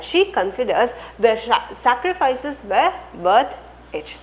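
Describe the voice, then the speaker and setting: A woman teacher with an Indian English accent and a slightly high voice reads a textbook passage aloud slowly, with big pitch swings. She then explains it line by line, often adding "okay" and asking and answering her own questions about words. The recording is low quality with slight background noise.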